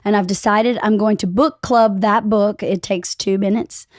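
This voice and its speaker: A woman hosting a casual podcast, chatty and enthusiastic as she tells stories. Her voice is a little squeaky from a cold she is shaking off. It sits at a medium pitch and is recorded dry and close. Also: fairly even intonation, normal speed, no room sound. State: recovering from a cold. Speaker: podcast host. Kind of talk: casual chat.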